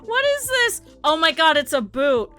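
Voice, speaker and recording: A woman's voice: very high voice, sing-song, normal speed, bright, forceful tone. A woman streamer chatting casually with her viewers, swearing a lot and laughing often. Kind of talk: casual live-stream chat. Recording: faint music behind. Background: faint background music.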